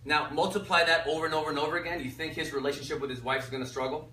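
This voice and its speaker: A man giving an energetic workshop talk, often quizzing the audience with fill-in questions. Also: fairly high pitch, rapid-fire. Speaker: workshop speaker. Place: echoey workshop room. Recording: roomy echo, mic from far off, faint noise.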